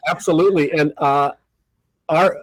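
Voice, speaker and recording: A man's voice: on the high side, normal speed, no echo, poor audio. An older man, a comedy magician guest on a podcast, telling stories casually and acting out the people in them. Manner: animated raconteur who acts out quoted people. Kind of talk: casual storytelling interview.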